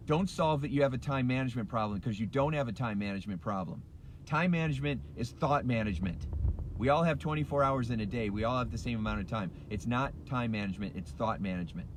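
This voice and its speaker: A noisy background surrounds a middle-aged life coach and hypnotist, who delivers a passionate motivational rant while stopped at a red light in his car. Speaking a little fast at medium pitch, he emphatically repeats key phrases to drive his points home.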